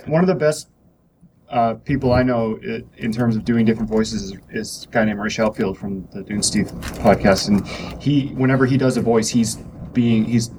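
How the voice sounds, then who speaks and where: A man who grew up in Georgia speaks in a relaxed, halting way with plenty of fillers, at a mid pitch. He is recorded from a distance, with clear background noise around him. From American South, Georgia. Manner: relaxed, hesitant, many fillers. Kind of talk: casual chat.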